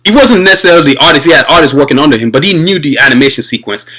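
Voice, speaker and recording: A young man hosting his own show, chatting casually and excitedly to his viewers about cartoons, rambling and calling them y'all. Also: a little high, rapid-fire, slightly rough, poor audio. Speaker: video podcast host. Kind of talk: casual fan commentary.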